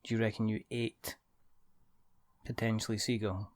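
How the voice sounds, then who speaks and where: A man's voice: fairly low pitch, little pitch movement, normal speed, no echo. A man hosting a podcast, chatty and telling stories in casual conversation. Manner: chatty, storytelling, laughs at own impressions. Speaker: podcast host. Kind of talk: casual chat.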